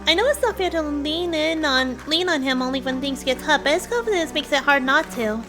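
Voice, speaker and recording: A woman streamer reading game dialogue aloud in a plain, even manner. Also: high voice, fairly quick, music in the background.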